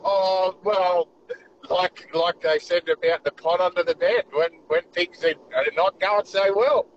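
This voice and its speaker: A man's voice: high voice, measured pace. A younger man with an Australian accent calling a radio show, casual and unsure, over a muffled line. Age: young adult. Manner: casual, unsure, laid-back. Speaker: caller. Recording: muffled call with faint vehicle noise.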